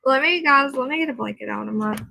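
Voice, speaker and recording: A woman's voice: high-pitched, fast, gravelly, sharp tone, dry recording, rough recording. A tired woman hosting a casual livestream, reading aloud and answering her viewers' comments. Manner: chatty, reads aloud and answers chat comments. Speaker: livestream host. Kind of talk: casual live chat with viewers. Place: at home.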